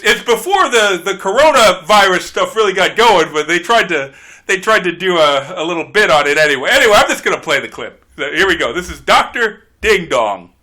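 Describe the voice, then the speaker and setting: A man's voice: high-pitched, sharp tone. Sex: man. Role: podcast guest host. Style: casual comedic chat. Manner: rambling, brash, laughing.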